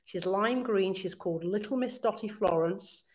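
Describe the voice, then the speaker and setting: A woman being interviewed on a podcast, chatty and enthusiastic and quick to laugh. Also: mid-range voice, darkish tone. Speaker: interview guest. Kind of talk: casual conversational interview.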